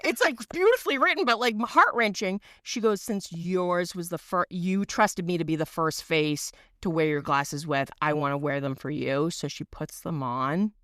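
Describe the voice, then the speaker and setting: A woman in her thirties, a podcast co-host, telling a long story in casual chat, animated and full of fillers and swearing. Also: sits low, unhurried, hardly any pauses, no echo, clean studio sound. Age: 30s.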